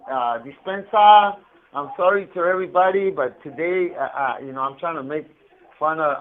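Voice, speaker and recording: Profane man on a tinny prison phone. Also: fairly high pitch. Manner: profane, laughing storyteller. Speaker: incarcerated caller. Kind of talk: casual chat over a prison phone call.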